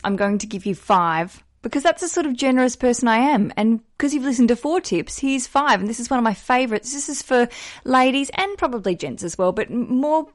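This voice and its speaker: An Australian woman hosting a podcast, talking in an upbeat, playful and self-deprecating way. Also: a little high. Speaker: podcast host. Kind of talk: chatty podcast monologue.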